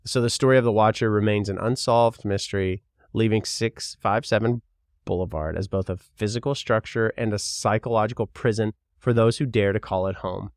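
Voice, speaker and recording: A young man with a mild Kentucky accent talks through a solo podcast, loose and rambling, dropping the odd swear word. His voice sits low. The sound is dry and close, with almost no room around it. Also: normal speed, dry recording. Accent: mild Kentucky Southern. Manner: rambling, frank, swears casually. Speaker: podcast host. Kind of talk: casual solo podcast talk.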